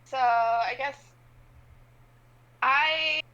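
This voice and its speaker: Earnest woman roleplayer, high, bright tone. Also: extremely slow, lo-fi sound. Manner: earnest, pleading. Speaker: player. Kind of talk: tabletop roleplay.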